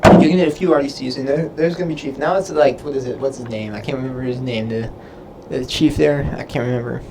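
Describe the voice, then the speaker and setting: Over a noisy background, a young man in the Navy fields viewer questions on a livestream in a mid-range voice, talking fast. He rambles casually, leans heavily on fillers, and loses track of what he was saying.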